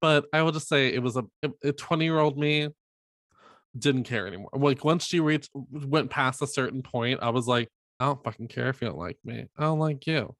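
A man in his twenties in casual conversation, telling lively stories and acting out quoted lines. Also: medium pitch, moderate pace, no room sound, clean studio sound. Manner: animated storyteller, acts out quotes loudly. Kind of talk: casual chat.

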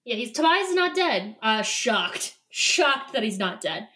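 A woman with a fairly high voice, chatting casually as she recaps a book chapter. She retells scenes playfully and slips into quick put-on lines for the characters. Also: big pitch swings, bright, forceful tone. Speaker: podcast co-host.

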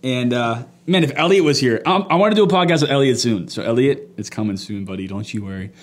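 A young man hosting a casual faith podcast, loud and quick to laugh, telling animated stories. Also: mid-range voice. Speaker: podcast host. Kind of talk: casual chat.

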